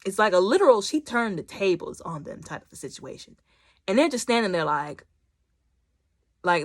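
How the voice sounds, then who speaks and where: A woman chatting casually through a TV episode recap, animated and talkative, acting out bits of the scenes. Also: medium pitch, moderate pace, long pauses, dry recording, studio quality. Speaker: YouTube TV reviewer.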